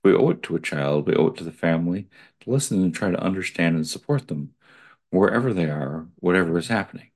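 Man, very low voice, husky tone, reads an article aloud, digressive asides. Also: a little mellow. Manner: digressive, pausing to add his own comments.

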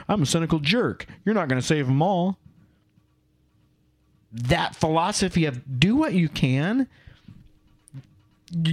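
Middle-aged guy ranting on a podcast, kinda high voice, bouncy pitch, tells stories big. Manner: animated storyteller, emphatic and ranting. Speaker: podcast co-host. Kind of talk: casual podcast chat.

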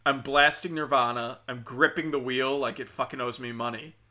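Male podcast host, very bright and sharp tone, mid-pitched, profane sardonic rambler. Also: fairly even intonation, moderate pace. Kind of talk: casual comic monologue.

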